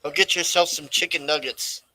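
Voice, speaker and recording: A man's voice: on the high side, steady tone, normal speed, sharp tone, no room sound, rough recording. A man hosting a casual livestream chat who teases his guests and cracks jokes. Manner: teasing, joking. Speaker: stream host.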